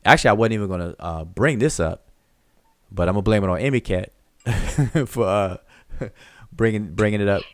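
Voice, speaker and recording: A man's voice: lowish voice, normal speed, pauses often, no echo. A man hosting a live open discussion and teaching, who is emphatic, repeats his points to drive them home, and explains step by step with examples. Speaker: teacher and channel host.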